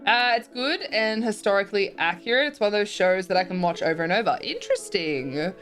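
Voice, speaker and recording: A woman's voice: medium pitch, lively intonation, brisk, fairly bright tone, soft background music. A young woman streamer chatting casually as she reads and answers viewer messages, often giggling.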